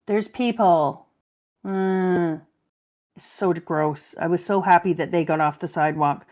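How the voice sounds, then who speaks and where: Animated woman chatting on a stream. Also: fairly low pitch. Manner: animated, laughs often, acts out quotes. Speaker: stream co-host. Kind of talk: casual chat.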